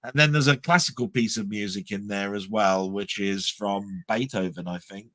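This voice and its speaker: A man's voice: fairly low pitch, normal speed, sharp tone. A man co-hosting a casual livestream chat, telling stories in a rambling, stop-start way with lots of repeated words. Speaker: livestream co-host.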